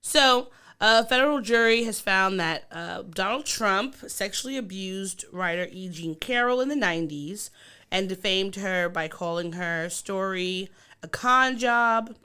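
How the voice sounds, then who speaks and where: A woman co-hosting a podcast, talking candidly in casual chat and getting animated when she teases her co-host. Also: mid-range voice, a little slow, clear, resonant tone.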